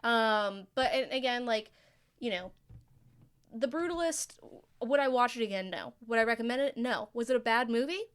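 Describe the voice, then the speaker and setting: A woman's voice: fairly high pitch, moderate pace, clean tone. A young woman co-hosting a podcast in casual chat, candid and joking, with blunt opinions. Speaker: podcast co-host.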